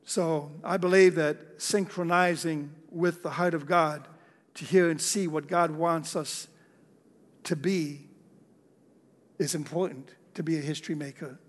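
A man's voice: on the high side, steady tone, unhurried. A man preaching a sermon as pastor, talking conversationally and checking in with the congregation. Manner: conversational preaching, frequent "okay?" check-ins. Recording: long hall reverb.

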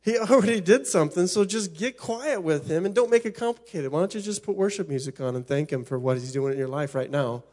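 A man's voice: on the high side, brisk, hardly any pauses, dark tone. A middle-aged man preaching a sermon as pastor, impassioned, often repeating and restarting his phrases.

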